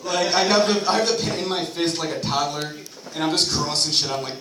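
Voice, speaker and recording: At a bar open mic, a fast-talking young man with a slightly high voice works through a loose, foul-mouthed routine full of jabs at himself. Crowd noise and echo fill the recording, which was shot by a far-off camera.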